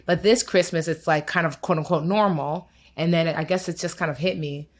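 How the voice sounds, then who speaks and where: Her voice sits on the low side, steady and brisk, as she co-hosts a podcast in casual conversation. The American woman looks back on the year candidly, sounding worn out and thoughtful.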